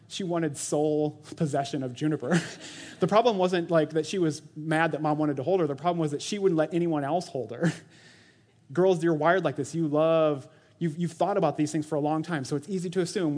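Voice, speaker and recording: A man in his thirties delivers a sermon, his voice sitting slightly high for a man. He exhorts his listeners with earnest urgency. He breaks into short mocking impressions when quoting others. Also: fairly quick, a little mellow. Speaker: pastor.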